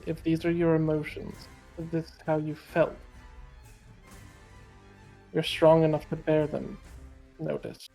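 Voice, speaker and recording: A gentle male spirit who speaks softly, calmly and earnestly, as a man plays him in a tabletop game. The voice sits a bit high for a man and stays quite level. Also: measured pace, creaky, pauses often, faint music behind. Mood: tender calm. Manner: soft, calm, earnest. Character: calm, tender male spirit comforting a friend.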